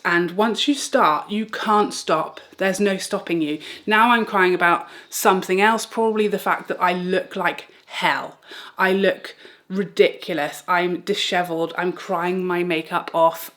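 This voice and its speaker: A woman's voice: fairly low pitch, a bit bright. A woman in her thirties telling a funny personal story while getting ready, chatty and self-mocking. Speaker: beauty vlogger. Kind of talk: storytelling while doing makeup.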